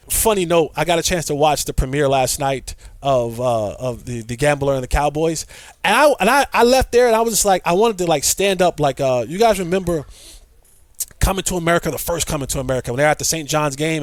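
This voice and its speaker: A middle-aged man with a fairly high voice tells a story with rising excitement, acting out what others said and tripping over repeated words. The sound is dry and close, with almost no room around it. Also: a little fast, no echo. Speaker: podcast guest, former player. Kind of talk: animated storytelling.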